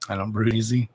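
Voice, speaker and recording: A man's voice: mid-range voice, creaky, a bit bright, a little hiss or hum, rough recording. A man hosting a live psychic reading stream, chatting in a rambling, casual way, swearing now and then and talking to his pets.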